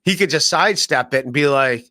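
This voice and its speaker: A man's voice: fairly high pitch, a little fast, sharp tone, dry recording, studio quality. A man hosting a podcast, chatting casually and joking around with rambling asides and lots of fillers. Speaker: podcast host. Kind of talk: casual comedic chat.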